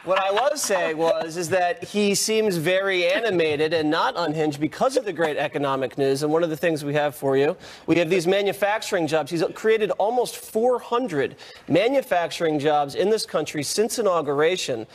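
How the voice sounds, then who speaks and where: A man's voice: fairly high pitch, normal speed. A man co-hosting a panel talk show, upbeat and laughing easily, steering the discussion. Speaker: co-host.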